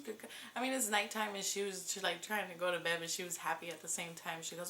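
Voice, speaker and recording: Young woman vlogger in her twenties, chatty and lively; bright, slightly low voice. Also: a little fast, slight background noise. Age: 20s. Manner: chatty, lively, many fillers. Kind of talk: casual storytelling.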